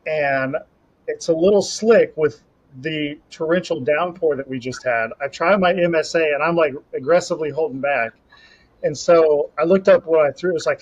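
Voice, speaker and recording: A young man on a podcast, casually telling a rambling, animated story about a competition. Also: a little high, slightly rough. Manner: rambling, animated storytelling with self-talk asides. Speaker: podcast co-host and Highland Games athlete. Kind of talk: casual chat. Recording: slightly dull lo-fi audio.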